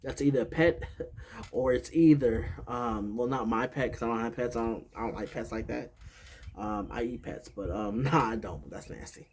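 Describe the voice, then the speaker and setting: A man's voice: mid-range voice, moderate pace. Brief: New York man, easygoing rambling vlogger, medium voice, outdoors with faint traffic. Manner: rambling and chatty, with many fillers and laughs. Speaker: vlog host. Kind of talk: casual chat. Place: outdoors near a highway. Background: passing traffic.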